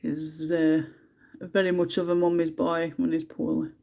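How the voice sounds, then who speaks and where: A woman's voice: deep voice, little pitch movement, moderate pace, gravelly, warm tone. An English woman hosting a casual colouring livestream from home, chatting, laughing often and muttering to herself as she picks colours, with a bit of a cold. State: has a cold. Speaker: livestream host.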